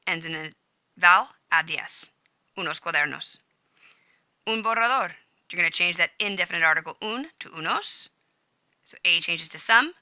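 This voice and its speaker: Gravelly, bright woman teaching Spanish grammar. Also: lowish voice, dry recording, poor audio. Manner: upbeat, chatty, self-correcting. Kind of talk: screen-recorded grammar lesson. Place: home room with a smart speaker.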